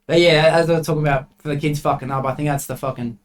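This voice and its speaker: Young aussie bloke telling stories on a podcast, kinda high voice, swears a lot, really animated. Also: male voice, fast talker. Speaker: podcast guest, refrigeration tradesman. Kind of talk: casual podcast chat.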